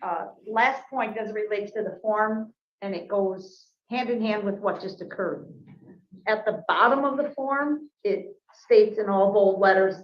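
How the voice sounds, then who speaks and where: A woman prosecutor arguing formally before a judge, measured and careful, with frequent hesitations. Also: mid-range voice. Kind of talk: formal courtroom argument. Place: courtroom. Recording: roomy courtroom audio, muffled.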